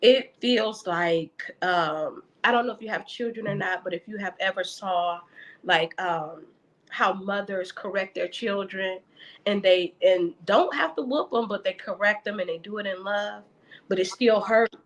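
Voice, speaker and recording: A woman's voice: medium pitch, measured pace, rough recording. A woman guest talking earnestly and openly about faith and caring for her mother, often repeating words as she searches for them. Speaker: podcast guest. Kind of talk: casual faith conversation.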